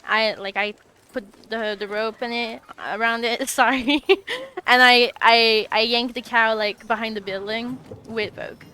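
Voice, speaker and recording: A woman's voice: a little high, fairly even intonation, bright, forceful tone, clean tone. A woman playing a tabletop game, talking hesitantly and laughing often. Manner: giggly, slow and hesitant. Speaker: player.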